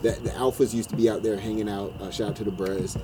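A man from North Carolina hosting a podcast, talking in a relaxed, reflective casual chat. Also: on the low side, fast talker, background noise. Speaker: podcast host.

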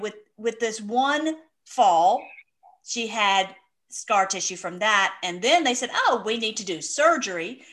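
A woman's voice: on the high side, a bit bright. A woman hosting a casual interview, chatty and enthusiastic, cutting in to clarify. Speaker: host.

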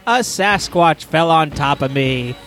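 A man's voice: fairly high pitch, animated, slow, a bit bright, faint music behind. A man improvising crude comedy bits, rambling and laughing at his own jokes.

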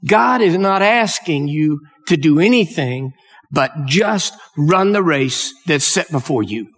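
A male preacher delivers a sermon, telling a story that builds into impassioned exhortation. His voice sits high for a man. It rings out with a long reverb, as in a large hall. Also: expressive, takes it slowly, a crowd in the background, noisy background. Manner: emotional, rising to impassioned exhortation.

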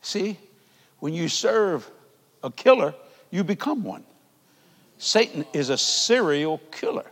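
Male TV preacher, high lively voice swinging wide, folksy and fervent, reverberant church hall. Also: slow, pauses often. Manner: fervent, shouting peaks, folksy grammar. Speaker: televangelist preacher. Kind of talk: televised sermon.

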